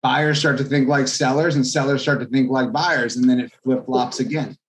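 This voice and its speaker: A man, a real estate agent, telling an anecdote as a guest in a podcast interview, in a lively storytelling manner. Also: medium pitch, moderate pace. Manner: animated anecdote telling, acts out quoted voices.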